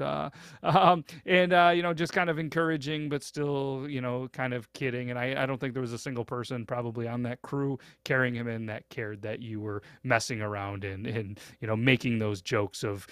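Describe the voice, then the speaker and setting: A man's voice: medium pitch, steady tone, moderate pace, a bit bright, clear, resonant tone, no room sound, clean studio sound. A young man hosting a podcast, retelling a story in a casual, rambling way full of fillers and hesitations. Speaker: podcast host.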